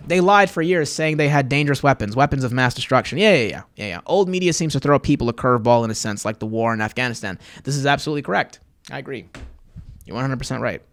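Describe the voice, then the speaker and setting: A man's voice: medium pitch, a bit bright. A young man hosting his own podcast livestream, chatting loosely to viewers with fillers, tangents and plugs for his channels. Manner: rambling, loose, with fillers and self-promotion. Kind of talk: casual livestream chat to viewers.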